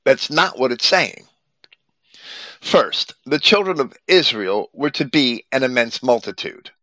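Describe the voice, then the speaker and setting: A man delivers a scripted Bible commentary, reading at a steady, explanatory pace. His voice is bright and forceful, and it sits close and dry with no room sound around it. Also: medium pitch, unhurried, no room sound.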